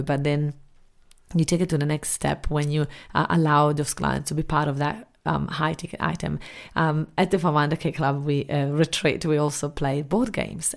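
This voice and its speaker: A middle-aged woman business coach talking casually to her listeners, acting out her own reactions in quick quoted asides. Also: sits low, gravelly. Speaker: business coach and podcast host. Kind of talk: casual monologue.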